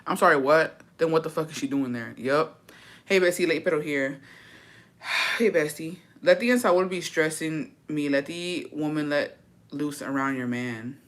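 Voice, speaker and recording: A woman's voice: low voice, normal speed. A woman from chatting casually to her viewers, profane and dramatic, dropping Spanish phrases into her English. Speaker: vlogger. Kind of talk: casual chat to camera.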